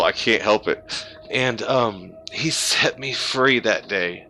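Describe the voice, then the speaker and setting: A man's voice: lowish voice, slow pace, pushed and bright, soft background music. A man in his thirties, a pastor and streamer, giving a heartfelt, rambling personal testimony over a gaming headset. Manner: heartfelt and emotional, rambling with restarts.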